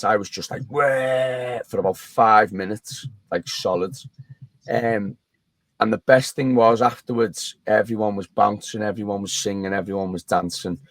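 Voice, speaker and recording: Low-voiced man telling a long story. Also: creaky, no echo. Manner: rambling storyteller, restarts often. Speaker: podcast co-host. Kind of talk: casual chat. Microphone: remote call.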